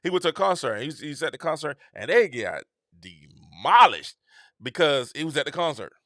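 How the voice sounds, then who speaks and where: Animated middle-aged man with lively pitch. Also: moderate pace, dry recording, studio quality. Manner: animated, repetitive, preacher-like cadence. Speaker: host. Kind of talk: casual opinion monologue.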